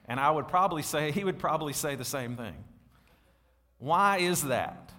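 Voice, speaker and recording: A man, preaching a sermon to his congregation and calling out to them, swinging between loud and soft. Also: on the high side, lively intonation, unhurried. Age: 40s. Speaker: pastor. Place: church sanctuary. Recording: long hall reverb.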